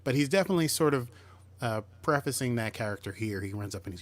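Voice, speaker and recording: A man in a relaxed podcast chat, walking through an episode scene by scene. He slips into quick impressions of the characters as he goes, with a voice of ordinary middle pitch. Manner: chatty, acts out characters' lines while retelling. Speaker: podcast co-host. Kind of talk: casual chat recapping a TV episode.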